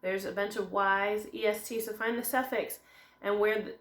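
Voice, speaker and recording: A woman's voice: mid-range voice, fairly even intonation, moderate pace. A woman teacher giving a recorded phonics lesson, explaining step by step and answering her own questions. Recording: echoey room.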